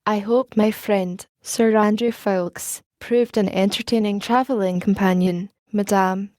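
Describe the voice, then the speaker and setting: A jovial, courtly young English lord greets his guests in an audiobook, voiced by a woman narrator. The voice is mellow and dark. The sound is dry and close. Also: mid-range voice, steady tone, measured pace, no room sound, lightly acted.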